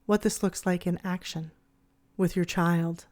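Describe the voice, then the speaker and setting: A woman hosting her podcast, narrating in a calm, gentle, measured way. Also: fairly low pitch. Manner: gentle, soothing, measured delivery. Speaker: podcast host.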